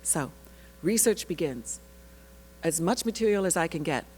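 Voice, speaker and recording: An actress telling an animated personal story at a panel, laughing often and breaking off into asides. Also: female voice, on the low side, normal speed, slight background noise, low-quality recording. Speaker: actress sharing her research story.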